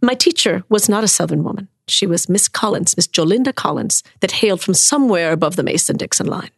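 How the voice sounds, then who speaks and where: Expressive storyteller woman with a gravelly edge. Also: medium pitch, a little fast, no echo, clean studio sound. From American South. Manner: expressive, acts out quoted voices, drops to whispers. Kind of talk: personal storytelling in conversation.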